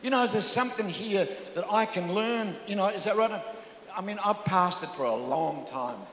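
A man's voice: high-pitched, moderate pace, fairly bright tone. An older man preaching a humorous sermon as pastor, telling jokey stories with stammering restarts. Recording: echoey hall.

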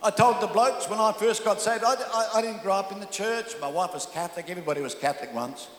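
A man's voice: high-pitched, fast talker, fairly bright tone, slight background noise. An older man preaching a humorous sermon as pastor, telling jokey stories with stammering restarts. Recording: echoey hall.

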